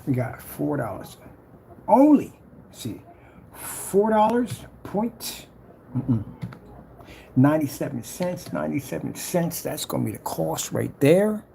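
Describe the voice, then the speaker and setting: Gravelly man muttering while he works. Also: a little high, big pitch swings, slow pace, dark tone, slight background noise. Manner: boastful, hypes his product, trash talks rivals; mutters and whispers to himself while working. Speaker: small business owner making a product ad. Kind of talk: casual talk-along screen recording.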